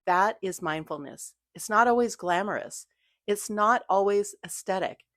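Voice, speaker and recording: A woman giving a gentle, reassuring scripted talk about mindfulness, coaching her listeners. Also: mid-range voice, unhurried, no echo, studio quality. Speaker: mindfulness creator.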